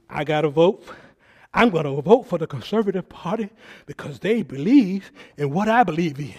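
A male pastor preaching a sermon, swinging between hushed asides and loud preaching and mimicking people in quoted voices. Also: a little high, animated, moderate pace, breathy edge.

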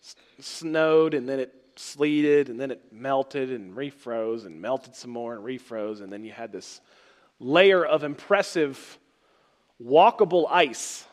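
A man preaching a sermon as pastor, swinging between loud emphatic phrases and soft, trailing words. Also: mid-range voice, slow.

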